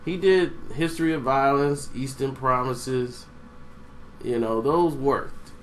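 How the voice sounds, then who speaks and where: A man giving a casual, rambling movie review, meandering and pausing to search for names. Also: medium pitch, slight background noise.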